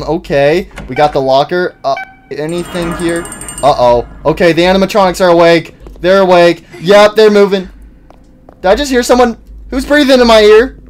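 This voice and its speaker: A young man hosting a horror game let's-play, rambling and jittery, who bursts into high-pitched panicked yelling. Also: smooth. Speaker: gaming channel host.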